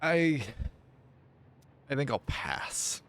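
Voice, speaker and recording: During a casual gaming livestream, this man reads his viewers' chat messages aloud and puts on playful, mock-dramatic whining. He speaks at a normal speed with a medium-pitched voice.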